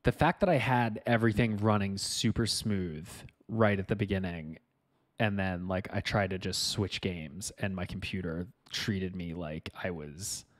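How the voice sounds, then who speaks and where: A man's voice: low voice, fairly bright tone. A man chatting casually to viewers on a live stream as he fixes his game setup, frustrated and self-mocking, muttering to himself.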